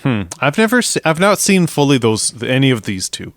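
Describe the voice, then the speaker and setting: A man co-hosts a podcast, reacting to his partner with short replies and easy laughs. His voice is smooth and resonant at a middle pitch. The recording is dry and close. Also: big pitch swings, moderate pace, a bit bright, no echo. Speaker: podcast co-host. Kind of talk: casual movie chat.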